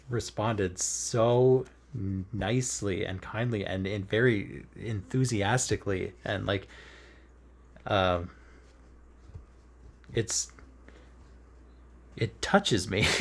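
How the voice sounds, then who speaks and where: A man chatting casually while stitching in bed, rambling and earnest, with lots of fillers and frequent laughs. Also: fairly low pitch. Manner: rambling and earnest, with many fillers and self-corrections; laughs often while talking. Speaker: cross-stitch vlogger. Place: in bed at home.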